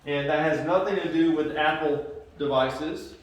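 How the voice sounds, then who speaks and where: A man's voice: on the high side, unhurried. A male computer science teacher giving a casual, conversational classroom lecture with many fillers. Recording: echoey classroom from far off.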